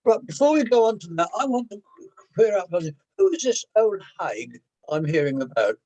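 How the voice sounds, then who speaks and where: A man's voice: high voice, big pitch swings, moderate pace, darkish tone, no echo, rough recording. A man, a guest on a video call, joking and teasing before he reads a Creole poem. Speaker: guest poet. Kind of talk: poetry reading on a video call. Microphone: computer mic on video call.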